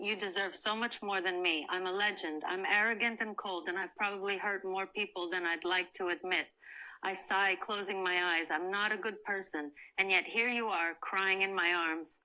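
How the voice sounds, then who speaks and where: A woman voicing a cold, proud woman who softly comforts a crying friend in a first-person comfort role-play. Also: mid-range voice, steady tone, close to an everyday voice, poor audio. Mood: tender. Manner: soft, slow, soothing.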